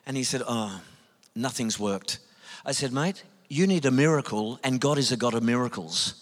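An Australian man, a Christian speaker, telling lively anecdotes in a sermon and acting out the dialogue. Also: medium pitch, moderate pace. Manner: animated anecdotes, acts out dialogue. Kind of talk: sermon storytelling. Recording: long hall reverb.

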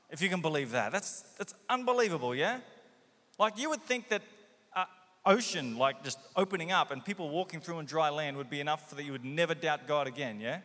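Guy preaching a sermon, bright punchy voice, lots of questions, big hall echo. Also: high voice. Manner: rhetorical questions, acts out quoted voices. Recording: long hall reverb.

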